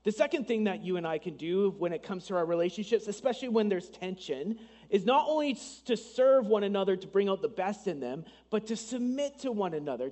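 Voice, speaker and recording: A man with a noticeably high voice delivers a Sunday sermon from the pulpit. He keeps it conversational, slipping in asides and acting out little bits of dialogue. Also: a little mellow, big-room sound. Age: adult, married. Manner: conversational preaching with asides and dramatized quotes. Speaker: pastor.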